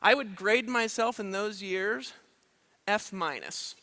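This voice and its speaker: Speaking slowly in a high-pitched, pushed and bright voice, a motivational speaker addresses a live seminar from an event stage. He stays emphatic, regularly asking "right?" and "you know what I mean?".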